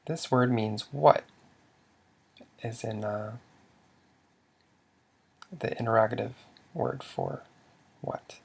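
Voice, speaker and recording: A man's voice: on the low side, slow pace, gravelly, long pauses, breathy edge. A man teaching a language lesson, patiently quizzing the listener and sounding out example words. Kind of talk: slow instructional explanation.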